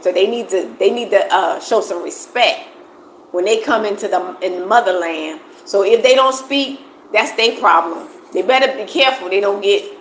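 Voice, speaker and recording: A woman's voice: medium pitch, reverberant, a little hiss or hum, poor audio. A woman from the United States chatting casually on a livestream, emphatic and repeating phrases for stress, answering viewers. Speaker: vlogger answering live chat.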